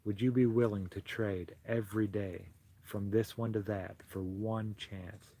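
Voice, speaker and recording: A man reciting the speech of a medieval Scottish rebel leader rallying his men, in a slow, hushed, earnest way. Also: fairly low pitch, vocal fry, full character voice.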